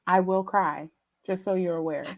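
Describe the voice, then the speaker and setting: A young woman hosting a casual live chat, animated and laughing often as she tells stories. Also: fairly low pitch, normal speed, lo-fi sound. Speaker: host.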